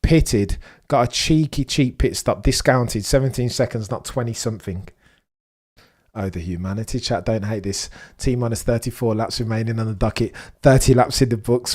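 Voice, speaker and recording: A young man hosting a live race watchalong, chatting excitedly to his viewers and reacting with slang. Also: medium pitch, normal speed. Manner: excitable, chatty, British slang, talks to chat. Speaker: livestream host.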